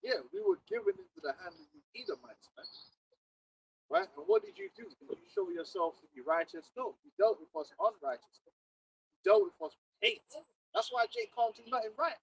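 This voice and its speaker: A young man speaking in a very high voice that swoops up and down with energy. His delivery is slangy and animated, broken by frequent laughter. There is a gravelly edge in his tone. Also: brisk, slight background noise, rough recording. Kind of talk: casual chat.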